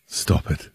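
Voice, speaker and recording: An Australian man filling in as radio co-host, joking and quick to laugh in casual banter. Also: a little mellow, no room sound. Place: radio studio.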